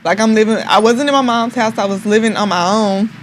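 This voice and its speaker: A woman's voice: on the high side, fairly quick, a little hiss or hum. A young woman, a hairstylist guest on a podcast, telling her own life story in a candid, heartfelt way with many "like" fillers. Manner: emotional, heartfelt, frequent "like" fillers.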